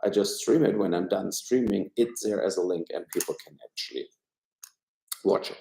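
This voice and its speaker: A man's voice: sits low, normal speed, vocal fry, dark tone, reverberant, a little hiss or hum, poor audio. A man from Germany with a German accent, giving blunt, rambling, opinionated film and politics commentary on a casual live stream from home. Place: room at home.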